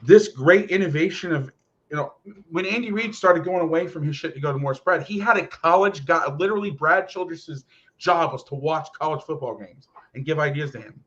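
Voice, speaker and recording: Profane ranting man on lo-fi audio. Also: fairly high pitch. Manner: animated, profane, fast ranting. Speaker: football podcast host and coach. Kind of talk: casual rant. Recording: lo-fi muffled audio.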